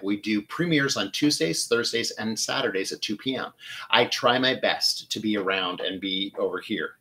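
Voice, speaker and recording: An American man hosting a flower-arranging show, chatting warmly and gushing as he talks straight to his viewers. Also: fairly low pitch. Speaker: floral designer and show host.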